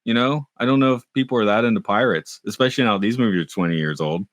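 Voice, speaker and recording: Brief: middle-aged male podcast co-host, low voice, dry close sound, rambling and self-mocking. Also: fast talker, no echo. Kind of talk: casual chat.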